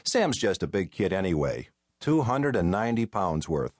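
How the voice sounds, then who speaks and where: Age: adult. Sex: male. Role: audiobook narrator. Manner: wry, deadpan, animated pitch. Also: moderate pace, no echo, clean studio sound. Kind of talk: first-person scripted narration.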